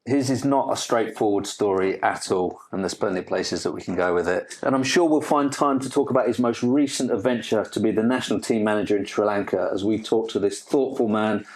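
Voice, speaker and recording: A man's voice: lowish voice, fairly quick, hardly any pauses. A man hosting a football interview podcast in a recording studio, chatty and thorough, restarting his questions often. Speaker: podcast host.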